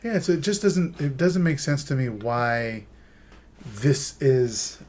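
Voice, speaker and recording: A man's voice: mid-range voice, animated, takes it slowly, darkish tone. A man hosting a casual podcast interview, asking questions and chiming in with short agreeing replies. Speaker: podcast host.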